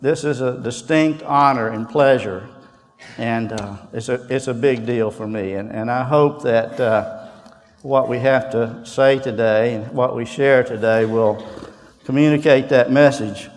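A man's voice: mid-range voice, unhurried. A man from Texas with a Southern US accent, giving a folksy, joking chapel talk as a guest speaker. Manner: folksy and joking, with fillers and restarts. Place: large hall. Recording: hall reverb.

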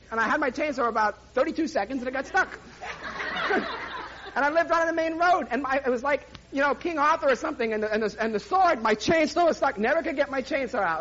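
Very high, bright-voiced preacher man. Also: muffled recording, slight background noise. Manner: lively storyteller, voices sound effects and laughs along. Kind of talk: sermon with a humorous personal story.

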